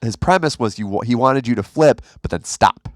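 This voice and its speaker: A man's voice: mid-range voice, normal speed, no room sound, clean studio sound. A man of thirty-nine, a comedian guest on a podcast, chatting casually about wrestling and doing wrestler impressions. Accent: Upper Midwest American. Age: 30s. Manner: relaxed, lively talk with wrestler impressions. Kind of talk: casual chat.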